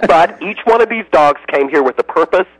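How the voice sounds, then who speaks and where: A man's voice: high voice, lively intonation, a little slow, slightly rough, dry recording, rough recording. An American man, a radio interview guest, telling emotional stories and slipping into other people's voices. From United States.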